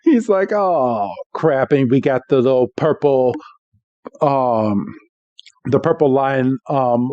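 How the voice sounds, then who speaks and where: A man co-hosting a podcast, telling what happens in an episode in loose, relaxed talk full of fillers. His voice is warm and mellow, with a dry, close sound and slightly dull audio. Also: medium pitch, no echo. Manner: relaxed storytelling with frequent fillers. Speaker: podcast co-host. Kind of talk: casual episode recap.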